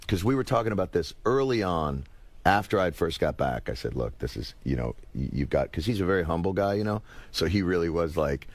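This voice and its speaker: A man in his fifties, a talk show guest, chatting in a wry, rambling, self-deprecating way with quick asides. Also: low voice, sing-song. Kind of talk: casual talk show conversation. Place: television studio.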